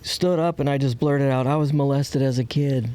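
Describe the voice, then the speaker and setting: A man's voice: mid-range voice, fairly even intonation, normal speed, mellow. A man candidly telling a personal story as a podcast guest. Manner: candid, acts out quoted voices.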